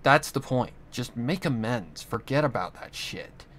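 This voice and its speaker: A young man in a home vlog, talking on at length in a loose, heartfelt ramble. His voice sits at an ordinary middle pitch, and he drops casual swear words along the way. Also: lively intonation, measured pace, a bit bright, a little hiss or hum. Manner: rambling, earnest, swears often. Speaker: channel host. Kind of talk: casual monologue.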